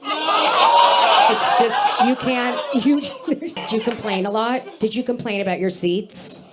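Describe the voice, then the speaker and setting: A woman's voice: on the high side, normal speed. A woman comedian doing brash, teasing, profane crowd work on a club stage, talking into a handheld mic. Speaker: stand-up comedian. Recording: live show with loud crowd noise.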